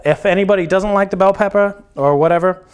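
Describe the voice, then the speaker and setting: A man's voice: high voice, quick pace, a little hiss or hum. A young man hosting a comedic cooking show, talking through his chopping with crude jokes and swearing. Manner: crude, joking, instructional patter with swearing.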